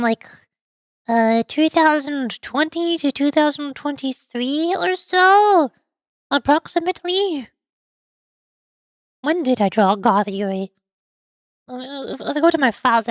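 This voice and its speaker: A woman's voice: sits high, no echo, clean studio sound. A young woman streamer chatting casually and rambling, giggling often and stumbling over her words.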